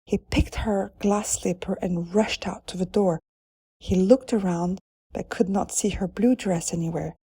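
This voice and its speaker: A woman reads a children's fairy tale aloud in an unhurried, deliberate voice. Her tone is mellow and a little breathy, and the recording is dry and close. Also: medium pitch, no room sound. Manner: calm, deliberate storytelling. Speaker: narrator. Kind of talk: storybook reading for children.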